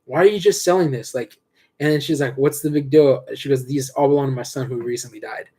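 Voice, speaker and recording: Fast-talking slangy young man. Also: medium pitch, slightly rough. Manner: fast, slangy, animated storyteller. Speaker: podcast co-host. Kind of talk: casual chat, storytelling.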